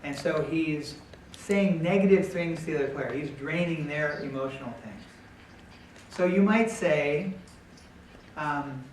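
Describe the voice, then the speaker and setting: A man explaining positive coaching to an audience in a calm, patient way, with frequent pauses and ums. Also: a little high, slight background noise. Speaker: speaker at a coaching workshop. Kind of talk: talk with audience Q&A. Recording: echoey hall, far from the mic.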